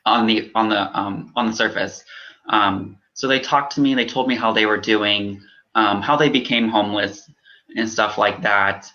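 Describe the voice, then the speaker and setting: An earnest young man speaks in a bright, slightly low voice, pausing often with halting ums as he answers interview questions. The audio sounds muffled and lo-fi, like a call recording. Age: young adult. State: choked up. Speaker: political candidate.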